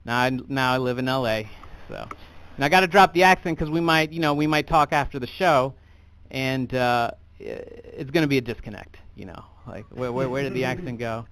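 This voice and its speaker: A young American man doing stand-up comedy in a dry, deadpan, rambling way. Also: mid-range voice, a little fast, few pauses, dry recording. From United States.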